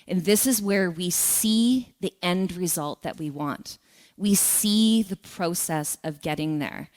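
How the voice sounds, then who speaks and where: A woman giving a spiritual talk to a congregation, telling lively personal stories and asking the audience questions. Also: lowish voice. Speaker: guest speaker.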